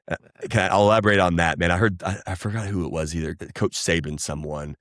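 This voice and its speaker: A man, chatting casually as a podcast guest, rambling and animated. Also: low voice, quick pace, few pauses, dry recording, clean studio sound. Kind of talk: casual chat.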